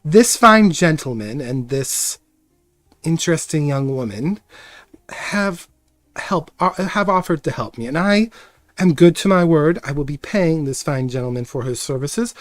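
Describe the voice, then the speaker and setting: A game master voicing an indignant older aunt who shouts at her locked door and then turns gracious to her helpers. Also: expressive, measured pace, dry recording, lightly acted. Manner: shrill, booming, scolding.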